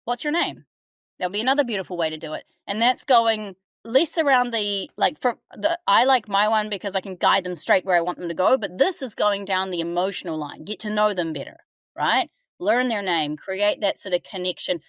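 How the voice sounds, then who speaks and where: A woman in mid-pitch range hosts a casual podcast, coaching on front-desk phone calls. She talks in an animated, chatty way, slipping into little acted-out calls. Her voice sits close and dry, with no room sound. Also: a little fast, no echo. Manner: animated, acts out phone calls, laughs often. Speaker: dental front-desk trainer and podcast host.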